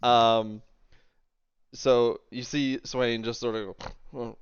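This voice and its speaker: A man's voice: medium pitch, level tone, slow, clean tone, no echo, dull audio. A man running a tabletop game as game master, narrating casually and laughing often, on a voice call.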